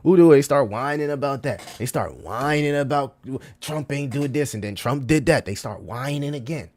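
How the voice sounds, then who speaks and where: A man's voice: medium pitch, normal speed, hardly any pauses, a little mellow. A man talking casually to his livestream chat, full of slang, repeating himself and calling listeners bro. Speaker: crypto livestreamer.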